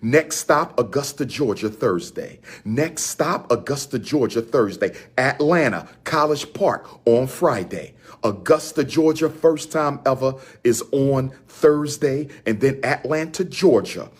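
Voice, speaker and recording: Man, husky voice, impassioned direct address, preacher-like repetition, from philadelphia. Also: medium pitch, expressive, unhurried, hardly any pauses. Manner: preacher-like, repetitive chanting of announcements. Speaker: speaker promoting his events.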